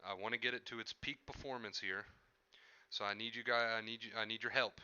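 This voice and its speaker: A man's voice: fairly low pitch, steady tone, fairly quick, sharp tone, clean tone, dry recording, dull audio. A man streaming live from home, chatting casually with his viewers into a headset mic and often repeating himself. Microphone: headset microphone.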